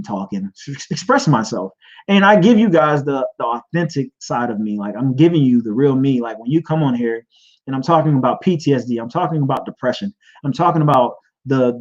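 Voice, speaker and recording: A man's voice: medium pitch, darkish tone. Earnest rambling man, muffled lo-fi. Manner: earnest, rambling, many restarts. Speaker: podcast host. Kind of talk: personal testimony. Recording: dull lo-fi sound.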